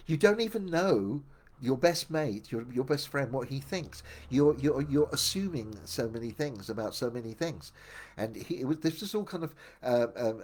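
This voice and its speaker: Husky older man telling his story. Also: medium pitch, a little mellow. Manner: meandering, reflective, with many restarts. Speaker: memoir storyteller. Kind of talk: casual first-person storytelling.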